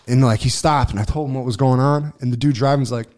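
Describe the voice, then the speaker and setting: A man telling a long personal story on a casual podcast, swearing freely, restarting sentences and getting loud when excited. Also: medium pitch, fast talker. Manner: profane, rambling, lots of restarts and fillers; gets loud and excited when reliving events. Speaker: podcast co-host.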